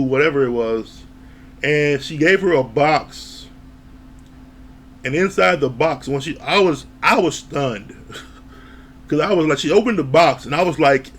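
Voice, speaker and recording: A man's voice: a little high, moderate pace, a little hiss or hum. Chatty man recapping a TV episode. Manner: rambling and chatty, with frequent laughs. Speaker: TV show reviewer.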